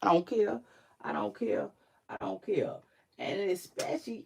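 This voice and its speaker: Smoky-voiced sleepy woman chatting slowly. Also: very animated, gravelly, darkish tone, slightly rough. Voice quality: smoky low voice. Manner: laid-back, slangy, drawls and trails off. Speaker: online commentator. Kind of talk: casual livestream chat to viewers.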